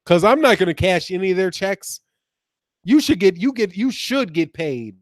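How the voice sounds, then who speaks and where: A high-voiced man hosts a casual livestream, reading comments aloud and firing back at them. He is animated and profane and laughs often. The sound is dry and close to the mic. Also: moderate pace, no room sound. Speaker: boxing channel host.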